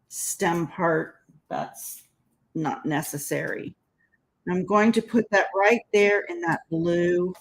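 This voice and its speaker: A woman's voice: medium pitch, fairly bright tone, rough recording. A woman giving a casual crafting tutorial, chatting as she works and laughing at her own slips. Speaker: card-making demonstrator.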